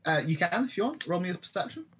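A man narrating a tabletop role-playing game as game master, halting often with ums and restarts. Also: sits high, big pitch swings, fairly bright tone, a little hiss or hum.

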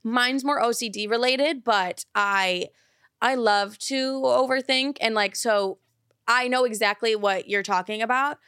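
A woman's voice: on the high side, measured pace, a bit bright, clear, resonant tone, no echo, clean studio sound. Blunt, swearing young woman host. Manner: blunt, profane, emphatic. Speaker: advice podcast host. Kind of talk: blunt casual advice.

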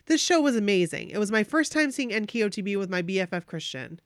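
A woman co-hosting a podcast, reading a fan's story aloud in an animated way. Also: mid-range voice, quick pace, dry recording, clean studio sound.

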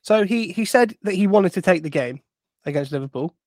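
A man's voice: sits high, lively intonation, dry recording, studio quality. Wry man co-hosting a football podcast. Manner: wry, measured, reads quotes aloud. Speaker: podcast co-host. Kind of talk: casual football chat.

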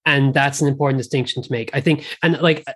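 A man's voice: medium pitch, steady tone, fast talker, a bit bright. A man from Ireland with an Irish accent, talking casually about films in a rambling way, often restarting his sentences. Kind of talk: casual film discussion.

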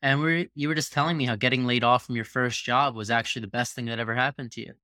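A man hosting an interview podcast, introducing his guest and asking brisk, direct questions. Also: medium pitch, fairly even intonation, sharp tone, dry recording, clean studio sound. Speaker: podcast host.

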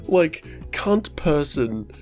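A man's voice: a little high, extremely slow, faint music behind. A man, co-hosting a podcast and telling a story with lots of swearing and laughter. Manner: animated storyteller, swears a lot, laughs often. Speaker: podcast co-host. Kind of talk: casual chat.

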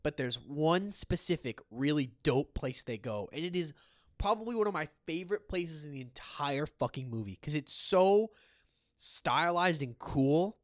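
A man's voice: fairly high pitch, expressive, unhurried, dry recording, studio quality. A man co-hosting a horror film podcast, chatting casually and enthusiastically, swearing freely. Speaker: podcast co-host. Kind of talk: casual chat.

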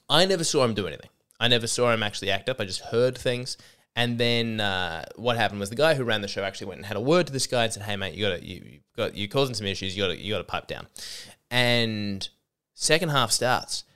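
A podcast host who is feeling a little sick tells a rambling, sweary comedy story, interrupting himself along the way. His mid-range voice is smooth with a fairly bright tone.

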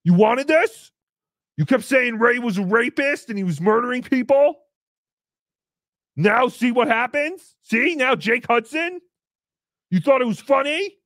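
Fields: a man voicing crude puppet host, high and lively. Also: measured pace, pauses often, no echo, clean studio sound. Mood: sarcastic. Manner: sarcastic, crude, mock-outraged asides. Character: brash foul-mouthed male puppet show host. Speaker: livestream host reading paid messages. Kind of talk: live-stream character chat.

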